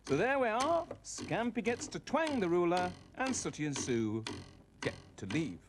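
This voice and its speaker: A man hosting a children's puppet show, narrating playfully with a lively, sing-song pitch. Tape hiss runs under his voice. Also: a little slow. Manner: playful, storytelling, prone to giggling fits. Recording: hissy old tape.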